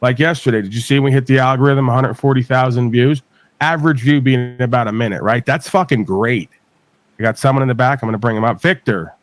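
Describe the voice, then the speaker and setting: A man's voice: mid-range voice, fast talker. A man from New York hosting a live stream, talking emphatically with frequent swearing and ranting. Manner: profane, emphatic, rants. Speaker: livestream host.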